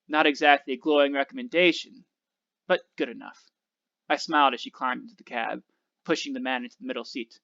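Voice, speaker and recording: Male teacher reading a novel aloud, steady and expressive, bright and gravelly voice. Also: medium pitch, a little fast, muffled recording.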